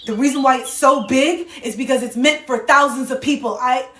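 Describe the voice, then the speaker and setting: A woman's voice: high-pitched, moderate pace, fairly bright tone, recorded from a distance. A woman giving an impassioned livestream monologue into her phone, emphatic and swearing, repeating lines for effect. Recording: echoey room, voice set back from the phone.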